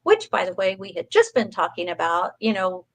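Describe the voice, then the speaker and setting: A woman's voice: mid-range voice, big pitch swings, brisk, low-quality recording. A woman, a guest in an interview, telling a personal story in a chatty way with frequent ums and light laughs. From Texas coast, USA. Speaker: interview guest, psychic medium.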